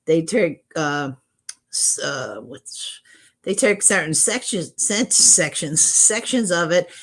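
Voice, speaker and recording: A woman's voice: on the low side, lively intonation, slow pace. A middle-aged woman chatting casually on her livestream, greeting viewers from chat and talking with frequent restarts. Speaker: livestream host. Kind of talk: casual live-stream chat.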